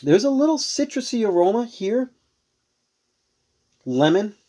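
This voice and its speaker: A man's voice: high-pitched, big pitch swings, unhurried, dark tone. A man casually reviewing and tasting beers on a show he hosts, rambling and searching for words as he goes. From Rhode Island. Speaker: beer reviewer.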